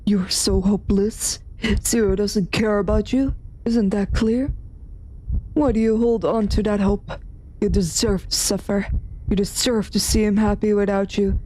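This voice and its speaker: A woman voicing a cruel, accusing inner voice in a visual novel, speaking slowly. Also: medium pitch, fairly even intonation, dark tone, slight background noise, close to an everyday voice, poor audio. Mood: taunting. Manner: cold, accusing. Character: cruel taunting inner voice, female. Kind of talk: reading a visual novel aloud.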